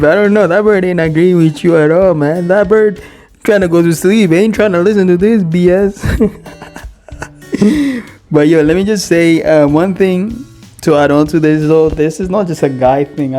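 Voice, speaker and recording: Slangy laughing man host, mellow voice. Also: on the high side, normal speed, soft background music. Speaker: reaction podcast host. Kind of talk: casual reaction commentary.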